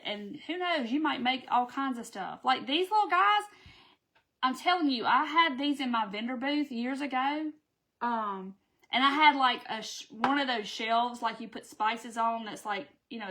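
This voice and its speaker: A folksy woman, talking to viewers on a live craft stream. Her voice sits a little high, and she chats along easily and warmly. She calls out viewers by name and says "y'all" often. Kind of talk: casual chat to live viewers.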